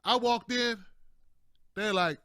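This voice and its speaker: Bright, high-voiced man ranting casually. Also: takes it slowly, dry recording, studio quality. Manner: slangy, repetitive, chatty with frequent laughs. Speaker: political commentary host. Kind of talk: casual political commentary.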